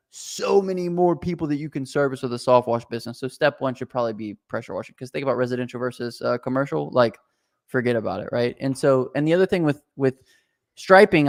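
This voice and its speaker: A man hosting a casual business Q&A podcast, talking in an animated, joking way with quick asides and restarts. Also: mid-range voice. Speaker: podcast host.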